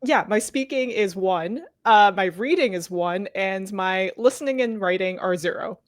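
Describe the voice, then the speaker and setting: A woman's voice: mid-range voice, moderate pace, no room sound, studio quality. A woman playing in a tabletop game, playful and giggly. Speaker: player.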